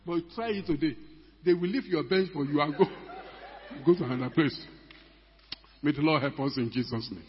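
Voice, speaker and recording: A man's voice: on the high side, moderate pace, long pauses, breathy edge. An older man preaching a sermon as a pastor, emphatic and full of rhetorical questions to the congregation. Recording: echoey hall, dull lo-fi sound.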